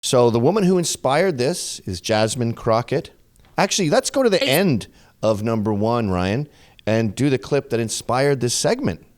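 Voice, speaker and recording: A man's voice: mid-range voice, expressive, moderate pace, dry recording, studio quality. A man hosting a show, giving sardonic, profane commentary over clips. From Canada. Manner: profane and mocking. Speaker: host.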